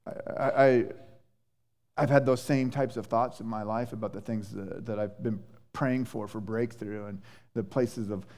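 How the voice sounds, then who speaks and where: A male pastor preaching a sermon in a conversational, animated way, with many restarts and fillers. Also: on the low side, measured pace. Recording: echoey church hall.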